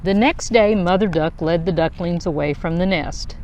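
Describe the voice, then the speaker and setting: Lower-voiced woman reading a children's story. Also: slight background noise. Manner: slow, expressive storytelling. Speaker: children's book reader. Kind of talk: reading a picture book aloud.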